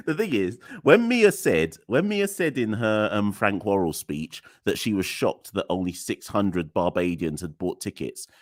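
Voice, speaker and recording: A young man, speaking in a very low, deep register close to a dry, dead-sounding mic. He hosts a live solo podcast and rants in a weary, exasperated way, sighing and laughing wryly. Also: animated, a little slow, no room sound. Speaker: podcast host.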